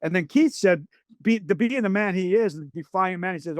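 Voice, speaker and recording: A man's voice: high voice, a little fast, darkish tone, dry recording. A man, a guest on a podcast, telling a long anecdote in a rambling way, with many restarts and acted-out quotes. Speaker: series creator guest. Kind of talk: podcast storytelling.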